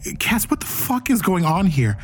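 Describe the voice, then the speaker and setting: A woman's voice: on the low side, big pitch swings, normal speed, faint music behind, pitched above the performer's own voice. A man voicing a tough, foul-mouthed female sniper with an English accent, barking curt orders. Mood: exasperated.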